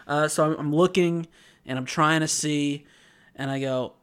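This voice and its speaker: Animated storytelling man, slightly high voice. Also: normal speed, clean tone. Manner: rambling animated storyteller, acts out quotes. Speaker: podcast co-host. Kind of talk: casual chat, anime recap and storytelling.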